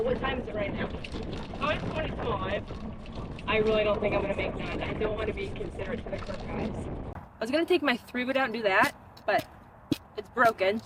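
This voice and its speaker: Young woman, higher voice, casual golf vlog chatter outside with steady background noise. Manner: chatty, talks to herself over shots. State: out of breath from running between shots. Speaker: golf vlogger. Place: outdoor golf course at dusk.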